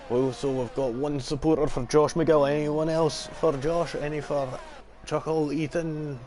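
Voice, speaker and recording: A man's voice: on the high side, little pitch movement, unhurried, darkish tone. A young Scottish man giving casual, swearing live commentary on a sim racing league stream and chatting with viewers. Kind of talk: live esports race commentary.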